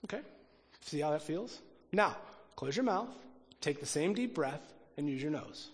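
A man preaching a sermon as pastor, talking animatedly, swinging from loud emphasis to hushed, near-whispered lines and often repeating words as he thinks aloud. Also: a little high, expressive, normal speed, in a large hall.

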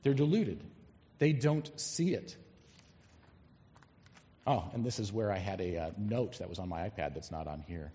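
A man preaching an expository sermon, emphatic and animated, reading scripture aloud and explaining it to a congregation. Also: sits low, normal speed, long pauses. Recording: long hall reverb.

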